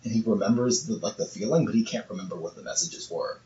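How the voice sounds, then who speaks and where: A man's voice: fairly low pitch, quick pace, mellow. A man co-hosting a casual podcast, stumbling over repeated words as he reads testimonies aloud. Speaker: podcast co-host. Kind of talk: casual chat. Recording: echoey room, muffled lo-fi sound, faint hiss.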